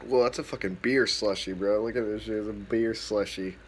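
A man's voice: fairly low pitch, fairly even intonation, brisk, noisy background. A young man vlogging and telling a rambling, profane, laid-back story full of fillers.

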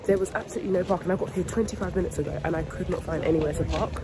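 A woman's voice: on the low side, steady tone, rapid-fire, very noisy. A woman chatting casually to camera as a vlogger, talkative and often giggling. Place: parked car.

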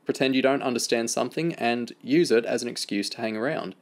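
A man reading the lines of a calm, dry-humoured adult handler, speaking in a steady, level, lightly amused way. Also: medium pitch, fairly quick, close to an everyday voice.

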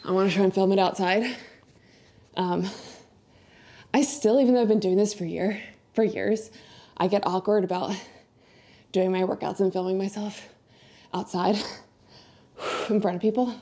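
Breathy, winded woman coaching a workout. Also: medium pitch, steady tone, unhurried, pauses often, dark tone. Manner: upbeat coaching cues and countdowns. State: out of breath from exercising. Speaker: fitness coach. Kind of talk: follow-along workout instruction. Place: indoors, not outside.

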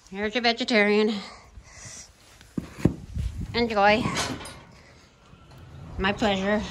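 A woman's voice: medium pitch, background noise. A woman who works as a flight attendant, playfully running a mock in-flight meal service outdoors while feeding horses, with cheery, teasing cabin-crew patter.

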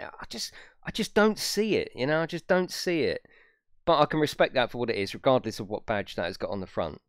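A man's voice: mid-range voice, dry recording, clean studio sound. A young man casually chatting on a live stream, swearing freely and laughing often. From United Kingdom. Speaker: gaming streamer.

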